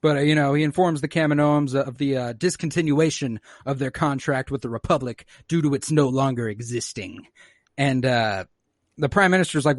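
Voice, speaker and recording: A man's voice: medium pitch, normal speed, dry recording, clean studio sound. A young man hosting a casual podcast, recapping an episode in a rambling way full of fillers and swearing. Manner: rambling, swearing, many uh's and likes. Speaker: podcast host.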